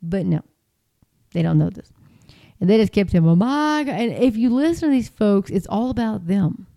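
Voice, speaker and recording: Mellow-voiced woman, rambling and exasperated. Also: medium pitch, animated, normal speed, gravelly. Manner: rambling, with many fillers and restarts; exasperated and incredulous. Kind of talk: casual commentary.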